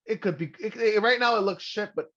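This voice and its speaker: A young man hosting a podcast, talking in a loose, joking way and swearing freely. His voice sits a little high for a man. The sound is dull and lo-fi. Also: a little fast, a bit bright. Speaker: podcast host. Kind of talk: casual chat.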